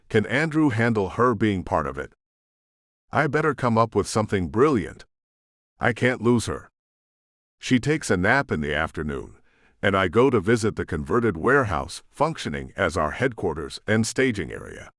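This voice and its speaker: Lively, low-voiced male audiobook narrator. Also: no room sound, studio quality. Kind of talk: first-person romance audiobook narration.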